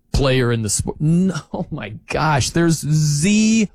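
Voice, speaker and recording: A man hosting a sports talk show, arguing his point in an incredulous, animated rant with laughs between points. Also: fairly high pitch, slow pace, dry recording, poor audio.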